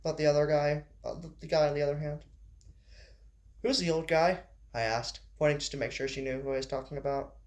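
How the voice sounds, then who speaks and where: A man's voice: on the high side, flat delivery, quick pace, a little mellow. A man reading his story aloud in an amateur style, stumbling and restarting, with casual asides. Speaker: narrator.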